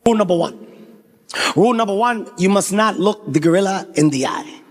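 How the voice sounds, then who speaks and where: A comedian voicing a solemn male tour guide who gives slow, commanding rules in a lowered voice. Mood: grave, commanding. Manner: slow, grave, commanding instruction.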